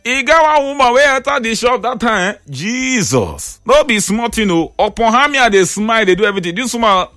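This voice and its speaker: A man's voice: very high-pitched, a little fast, few pauses, no echo, studio quality. A man with a Nigerian accent hosting a chatty radio call-in show, telling stories with frequent laughter and mixing Pidgin with English. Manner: animated storyteller, laughs often, mixes Pidgin and English.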